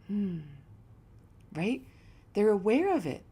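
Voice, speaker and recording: A woman yoga teacher giving a reflective spiritual talk, telling stories in a relaxed, conversational way. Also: mid-range voice, a little slow, long pauses.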